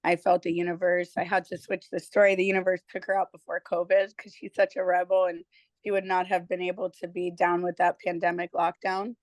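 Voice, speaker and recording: A woman's voice: fairly low pitch, brisk, dry recording. Candid woman guest, dry sound. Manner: candid, animated storyteller who swears freely. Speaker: guest, physical therapist. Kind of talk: casual interview talk.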